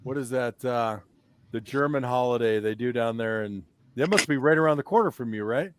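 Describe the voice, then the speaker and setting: A man's voice: mid-range voice, fairly quick, noisy background. A man co-hosting a casual sports talk show, a former player given to joking, teasing banter. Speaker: co-host, former football player.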